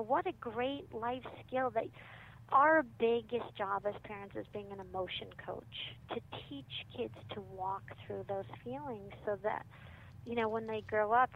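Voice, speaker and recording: A woman, a parenting author, chatting casually in an interview and acting out what parents and kids say. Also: mid-range voice. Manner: animated, acts out quoted parents and kids. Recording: phone-line audio with faint noise.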